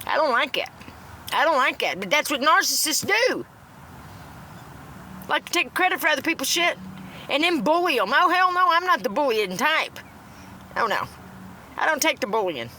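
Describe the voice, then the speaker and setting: A middle-aged woman rants into her phone with a high, bright, sharp voice. She talks bluntly and rambles, swearing freely. Faint background noise sits under the recording. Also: big pitch swings, normal speed, long pauses. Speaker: TikTok livestreamer. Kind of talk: ranting casual monologue.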